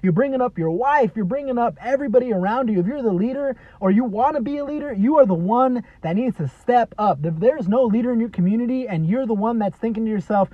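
A man in his thirties with a high voice hosts a motivational podcast. He speaks earnestly and repetitively, tossing in "you know" and "man," and pushes his points harder as he goes. The audio is dry and a little dull, like lo-fi podcast sound. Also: lively intonation, quick pace, few pauses, dry recording. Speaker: podcast host.

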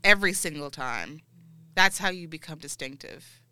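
Bright-voiced young woman co-hosting a chat. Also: low voice, moderate pace, clear, resonant tone. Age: young adult. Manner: animated, encouraging, laughs often. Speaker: podcast co-host. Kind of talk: casual chat.

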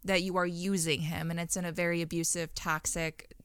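Bright, clear lower-voiced woman. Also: level tone, fairly quick, dry recording, studio quality. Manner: earnest, reflective, uses fillers like "like" and "you know". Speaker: co-host of a Christian podcast. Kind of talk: faith-based conversational discussion.

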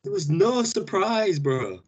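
A young man with a Northern English accent chatting with a friend. His voice swings widely in pitch and has a slightly husky grain. He talks in quick slang and puts on playful outrage. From Northern England. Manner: animated banter, mock outrage, slangy. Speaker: podcast co-host. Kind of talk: casual chat.

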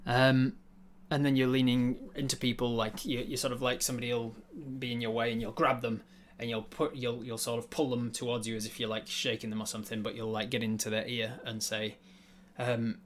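A man narrating a tabletop game as game master, halting and full of uhs and ums. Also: medium pitch, flat delivery, a little hiss or hum.

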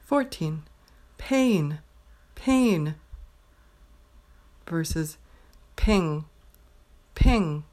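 A woman teaching pronunciation, slowly reading a numbered word list and saying each word twice with careful clarity. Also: low voice, lively intonation, dark tone. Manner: says each word twice, clearly and deliberately. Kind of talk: slow dictation of a word list.

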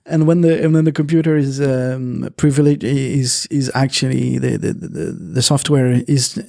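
A man hosting a casual podcast chat, talking in a halting way with many fillers and restarts. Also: mid-range voice, fairly even intonation, vocal fry, darkish tone. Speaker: podcast host.

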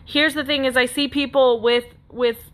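A woman in her thirties talks through a personal story on her podcast, earnest and rambling, often restarting her sentences. Her voice is bright and sits a little high. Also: fairly even intonation, normal speed. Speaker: podcast host. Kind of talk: casual personal monologue.

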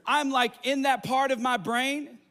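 Middle-aged male pastor, very high voice, animated sermon storytelling. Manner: animated storytelling with laughs and quick asides.

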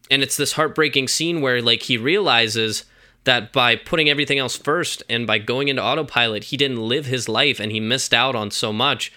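Young man, very bright tone, podcast co-host, chatty movie recap, loose filler-heavy talk. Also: mid-range voice, moderate pace. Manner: retells scenes with acted quotes, many fillers. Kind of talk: casual movie discussion.

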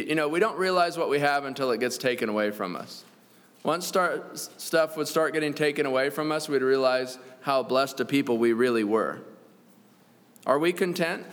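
A man's voice: fairly high pitch, fairly bright tone. Man preaching in a reverberant church. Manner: earnest, reads scripture aloud, chuckles now and then. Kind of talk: sermon.

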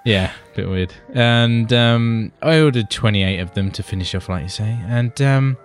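A man's voice: mid-range voice, normal speed. A British man co-hosting a podcast in casual chat. He rambles and swears, keeps calling his co-host buddy, and has faint music behind him.

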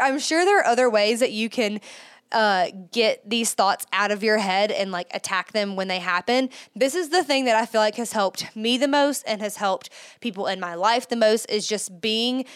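A woman's voice: on the high side, fairly bright tone, clear, resonant tone, dry recording, clean studio sound. A woman hosting a faith-based podcast, talking earnestly and emphatically as she coaches listeners through spoken affirmations. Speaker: podcast host.

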